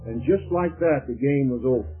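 A man preaching a sermon, telling a vivid story that builds to excited shouts and drops back down. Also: mid-range voice, normal speed, faint music behind. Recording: tinny lo-fi sermon recording.

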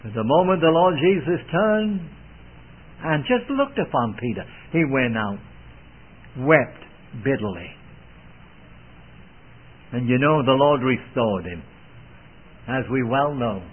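A man's voice: on the high side, animated, measured pace, pauses often. A man preaching a sermon in an earnest, old-fashioned manner, swelling and dropping for emphasis. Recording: tinny phone-like band.

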